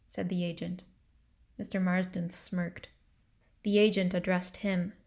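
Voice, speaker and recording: A woman narrating a novel excerpt for students in a calm, deliberate reading. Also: mid-range voice.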